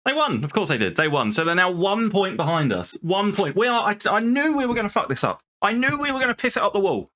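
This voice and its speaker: A man's voice: high-pitched, very animated, fast, hardly any pauses, sharp tone. A man hosting a gaming channel, giving exasperated, sweary commentary over a football management game. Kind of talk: let's-play commentary.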